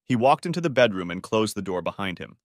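A man narrating a dramatic audiobook story in an expressive voice, close to the microphone. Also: fairly low pitch, fast, no echo.

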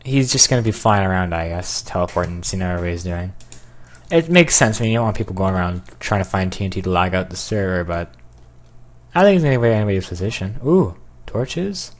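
A man giving casual gameplay commentary, excitable, yelping and cursing at what happens on screen. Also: low-pitched, fast. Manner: excitable, yelps and curses at the game. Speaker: gamer.

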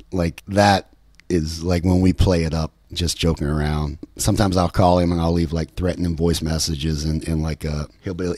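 A man's voice: low voice, darkish tone, no room sound, studio quality. A man from West Virginia with a light West Virginia accent, hosting a podcast in a rambling, easygoing way with chuckles. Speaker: podcast host. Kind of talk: casual solo podcast talk.

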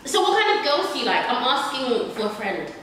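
A woman's voice: sits high, very animated, a little fast, fairly bright tone, far from the mic, a little hiss or hum. Young British woman host, playful and giggly, recorded off mic in a very echoey room. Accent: British English. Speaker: vlog host. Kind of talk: casual chat.

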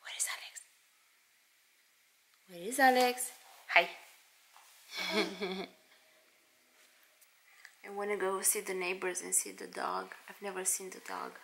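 Mom doing slow sing-song baby talk to her little one. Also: mid-range voice, fairly even intonation, gravelly, a bit bright, a little hiss or hum. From Romania. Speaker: mother and vlogger. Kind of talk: talking to her baby on a home vlog.

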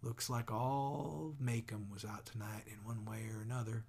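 A man plays a steady, gentle father who talks in a calm, measured way with a dry edge. The voice is low-key, gravelly and a little husky. It is a storybook reading.

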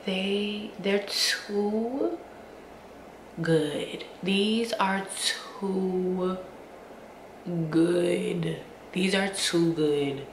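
A woman, gushing playfully to camera in a casual haul review, a bit sniffly from allergies. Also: on the low side. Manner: gushing, playful, drawn-out hums and slangy asides. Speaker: beauty and fashion vlogger. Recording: roomy echo with faint ambient noise.

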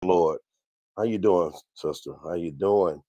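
A man's voice: deep voice, a little slow, mellow, dry recording, highs cut off. A man hosting a livestream Bible teaching, greeting viewers one by one by name and often repeating his phrases. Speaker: minister and livestream host.

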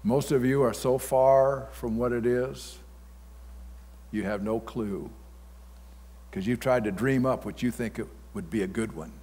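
A man with a husky, medium-pitched voice preaches at a measured pace, pausing often. This pastor's sermon is folksy and blunt, punctuated by sudden loud outbursts, and it echoes with the long reverb of a large church hall.

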